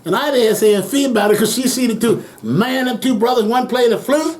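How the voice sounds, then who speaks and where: Older man telling lively stories, high voice. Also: a little fast. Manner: animated storyteller acting out quoted voices, chuckling often. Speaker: interviewee. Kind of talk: oral history storytelling.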